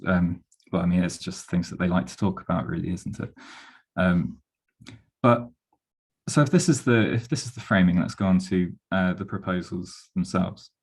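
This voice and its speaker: A man with a very deep, low voice presents on a webinar. He explains things analytically and step by step, speaking over a video call.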